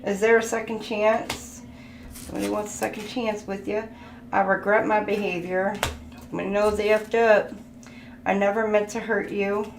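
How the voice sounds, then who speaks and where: A woman's voice: mid-range voice, level tone, normal speed. A woman giving a casual tarot reading, chatty and thinking aloud, laughing as she goes. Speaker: tarot reader. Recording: echoey room with background noise.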